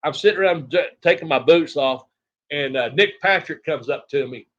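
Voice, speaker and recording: Animated man telling wrestling stories. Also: fairly high pitch, normal speed. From Tennessee, USA. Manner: rambling, animated, acts out other people's lines. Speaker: retired pro wrestler, guest. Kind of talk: casual storytelling interview. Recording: dull lo-fi audio.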